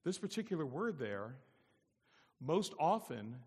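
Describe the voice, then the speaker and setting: Man, pastor, sermon, high voice, long hall reverb. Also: very animated, a little slow, husky. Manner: swings from loud preaching to soft, low asides.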